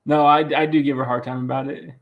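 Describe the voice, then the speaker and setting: A raspy-voiced man hosting a casual live stream, joking and teasing in a rambling way. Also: mid-range voice, level tone, fast talker, narrow, tinny audio. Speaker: host of a farm channel live stream.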